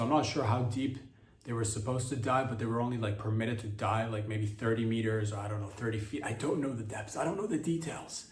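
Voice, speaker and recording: A man's voice: mid-range voice, brisk. Rambling crude male podcast comic. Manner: rambling, crude, many fillers and restarts. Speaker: podcast host. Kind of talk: rambling comedic monologue. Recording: roomy echo.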